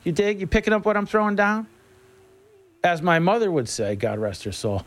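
A middle-aged man hosting a radio show, telling a casual story in a folksy, animated way. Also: sits high, moderate pace. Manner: animated, folksy, laughs between lines. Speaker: radio host.

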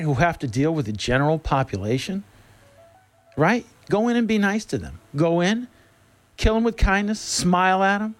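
A middle-aged man hosting a radio show, telling a casual story in a folksy, animated way. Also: high voice. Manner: animated, folksy, laughs between lines. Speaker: radio host.

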